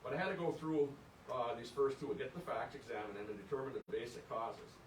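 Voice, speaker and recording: An older man from Michigan's Upper Peninsula giving an earnest, indignant history lecture, reading quotes aloud and restarting his words as he goes. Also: a little fast. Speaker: presenter at an archives lecture. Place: lecture room. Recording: echoey room, distant mic, faint rumble.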